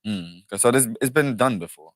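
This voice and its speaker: A man's voice: medium pitch, moderate pace, no echo. A man co-hosting a podcast in casual chat, asking questions and laughing. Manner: asks questions, laughs, lively and swearing. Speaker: podcast co-host.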